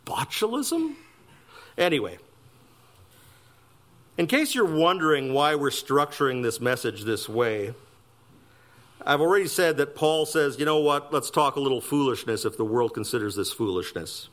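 A man's voice: lively intonation, normal speed, a bit bright. A man preaching a sermon, emphatic with wry asides. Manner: emphatic preaching with wide swings of pitch and pace, wry asides. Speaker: pastor.

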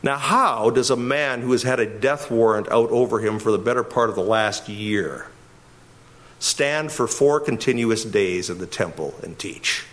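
A man's voice: mid-range voice, a little slow, a bit bright. A middle-aged man from Canada giving expository Bible teaching as a pastor, emphatic and often chuckling. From Winnipeg, Canada.

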